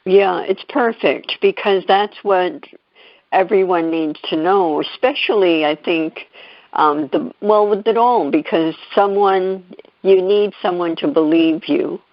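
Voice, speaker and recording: A woman hosting a radio interview, halting and searching for words in a gentle way. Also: on the low side, no echo, dull audio. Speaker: radio show host.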